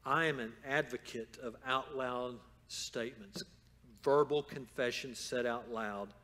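A man preaching a sermon as pastor in a church, moving from calm storytelling to loud, fervent exhortation. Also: medium pitch, measured pace. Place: church sanctuary.

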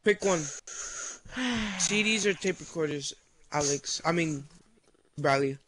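A man's voice: on the high side, takes it slowly, fairly bright tone. A young man chatting crudely with friends while streaming a game. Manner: crude teasing banter. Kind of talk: casual gaming chat.

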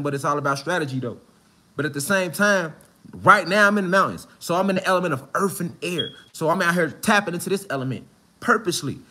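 A man giving a fired-up, profane, slangy preaching monologue outdoors in the mountains, often rising to shouts. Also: fairly high pitch. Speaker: spiritual commentator.

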